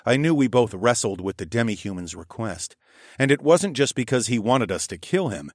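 A man narrating a first-person fantasy audiobook in a measured, steady storytelling manner. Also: mid-range voice, no room sound, clean studio sound.

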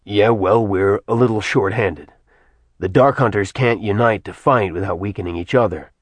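A man voicing a tired, blunt former god in a low, plain voice. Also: normal speed, dry recording, lightly acted. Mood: weary. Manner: dry, weary, blunt. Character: weary ancient male ex-god, gruff.

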